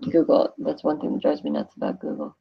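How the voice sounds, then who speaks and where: A woman's voice: low voice, huge pitch swings, quick pace, vocal fry, slightly rough, highs cut off. A woman teaching a Spanish class on a screen recording, asking questions and answering them herself in a chatty way.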